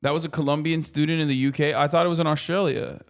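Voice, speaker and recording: Profane, animated streamer man ranting. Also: on the high side, quick pace, clear, resonant tone. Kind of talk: casual political commentary stream.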